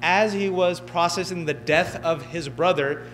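A man in his thirties giving an animated, joking fundraiser speech, acting out other people as he tells stories. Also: fairly high pitch, measured pace, slight background noise, low-quality recording. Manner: animated, joking storyteller who mimics others. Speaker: keynote speaker. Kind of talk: motivational speech. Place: event hall.

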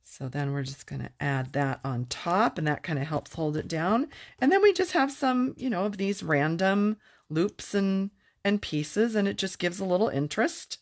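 A middle-aged woman chatting casually as she demonstrates a papercraft project, self-deprecating and quick to laugh. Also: lowish voice, lively intonation. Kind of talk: casual craft tutorial.

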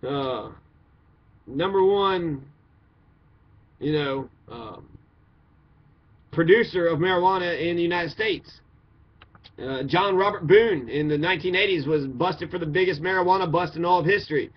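A man from Kentucky giving a blunt, profane, opinionated monologue. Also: high voice. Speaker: commentator. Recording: dull lo-fi recording.

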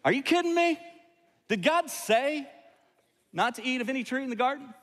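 A man's voice: extremely high pitch, expressive, normal speed, a bit bright, in a large hall, pitched above the performer's own voice. A man voicing a crafty male talking serpent who sneers with an attitude, mocking and incredulous.

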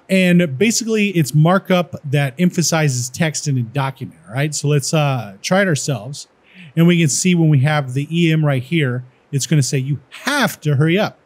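A man tutoring coding in a casual screen-share walkthrough, thinking aloud in a relaxed way with many "all right"s and pauses. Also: on the high side.

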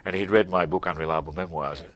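A man hosting an interview, measured in his questions and telling anecdotes at an easy pace. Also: deep voice, fairly even intonation, no echo. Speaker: interview host. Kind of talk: conversational interview. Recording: dull lo-fi dry recording.

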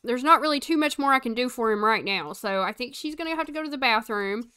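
A woman's voice: on the high side, lively intonation, fast talker, pushed and bright, clean tone. A young woman streaming a life-sim game, chatting casually, telling her characters what to do and answering her chat. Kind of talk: live gameplay commentary.

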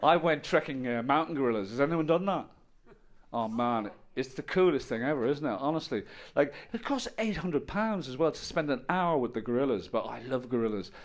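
A middle-aged man doing a stand-up set on stage, telling stories deadpan with bursts of loud exasperation. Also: medium pitch, fairly quick. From Ireland. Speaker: stand-up comedian. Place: comedy stage with audience.

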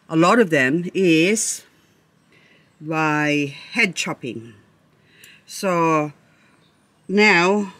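A woman vlogging among her succulent shelves on a handheld camera, chatty and excitable, rambling and talking to her plants. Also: low-pitched. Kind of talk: casual plant-tour vlog. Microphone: handheld camera she moves around.

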